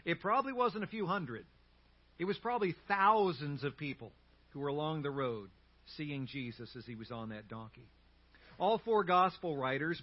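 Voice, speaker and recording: A man preaching a sermon as pastor, telling a story in an animated way with humorous asides. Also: a little high, slightly rough, lo-fi sound.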